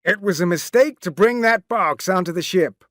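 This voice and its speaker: A man's voice: high voice, lively intonation, moderate pace, no echo, clean studio sound, pitched above the performer's own voice. A man voicing a commanding ship captain who barks orders. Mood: grave. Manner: shouting orders.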